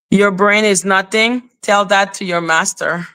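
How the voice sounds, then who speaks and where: A woman's voice: mid-range voice, fairly bright tone, clean tone. A woman hosting a live stream, talking to her chat in a confrontational, scolding way. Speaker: livestream host.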